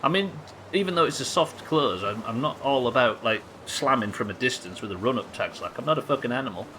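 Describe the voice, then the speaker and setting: Bright-voiced Yorkshire streamer, swearing. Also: male voice, medium pitch, expressive, a little fast, slight background noise. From Yorkshire, England. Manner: sweary, joking, chatty with viewers. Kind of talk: casual live-stream gameplay chat.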